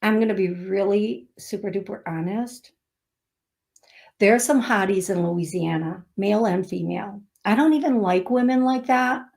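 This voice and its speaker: A woman's voice: mid-range voice, normal speed, vocal fry, darkish tone. A woman hosting a radio show as a psychic medium, telling stories in a chatty, laughing way. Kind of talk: casual chat. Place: radio studio.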